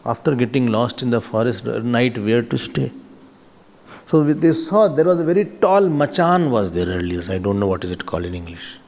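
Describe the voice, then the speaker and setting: A man with an Indian accent giving a spiritual discourse as a swami, animated and switching between English and Hindi. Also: medium pitch, moderate pace. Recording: reverberant hall.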